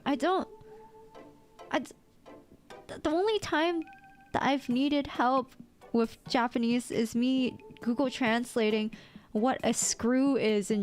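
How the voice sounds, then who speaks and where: Excitable American woman streamer, high voice, casual chat over soft background music. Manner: excitable and playful, squeaky outbursts. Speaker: VTuber streamer. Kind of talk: casual livestream chat, reading chat aloud.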